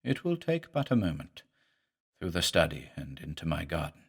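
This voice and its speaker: A man voicing a sinister, sardonic foreign professor who speaks softly with a hissing sibilance, in a horror audiobook. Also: rumbling low, sing-song, moderate pace, breathy edge, voice pushed down, exaggerated voice. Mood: menacing.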